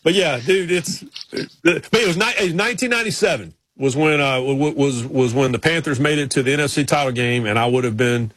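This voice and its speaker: Husky-voiced man on a sports talk show. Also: mid-range voice, fairly bright tone, dry recording. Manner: rambling, with quick restarts and folksy impressions. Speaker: radio sports show co-host. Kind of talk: casual storytelling chat.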